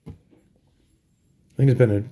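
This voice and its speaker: A middle-aged man talking casually in a halting video diary, tired and full of ums and restarts. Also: warm tone, a little hiss or hum. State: tired, yawning. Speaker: vlogger.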